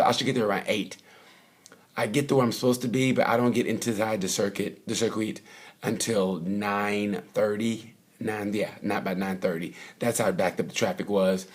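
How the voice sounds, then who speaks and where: A man casually recapping motorcycle races in a rambling, chatty way, full of fillers and asides. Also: on the low side. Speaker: vlogger reviewing motorcycle races. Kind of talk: casual off-the-cuff race recap. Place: at the race circuit.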